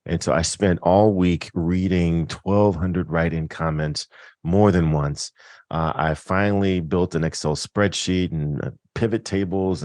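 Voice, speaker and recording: Deep-voiced man hosting a podcast. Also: a little mellow, dry recording, clean studio sound. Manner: storytelling, thoughtful, self-deprecating. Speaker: podcast host. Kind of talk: casual interview chat.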